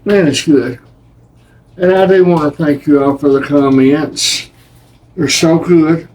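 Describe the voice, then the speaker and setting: An older man with a Kentucky accent speaks slowly and easily in a folksy drawl. His voice sits a little high for a man and sounds a step away from the mic, like a husband chiming in at the kitchen table. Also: a little mellow, distant mic, low-quality recording. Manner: slow, folksy, easygoing. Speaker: host's husband, taste tester.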